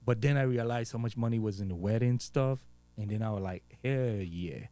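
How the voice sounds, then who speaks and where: A man's voice: lowish voice, normal speed, dark tone, dry recording. A man with a Virgin Islands accent talking casually as a guest DJ, loose and slangy, swearing freely. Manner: laid-back, street slang, frequent swearing and fillers. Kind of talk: casual interview chat.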